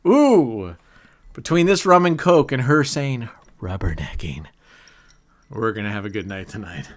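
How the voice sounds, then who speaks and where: A man's voice: mid-range voice, sing-song, a little fast, fairly bright tone. A middle-aged man giving casual, joking live commentary on his casino session, laughing often and cheering or groaning at each spin. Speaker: casino vlogger.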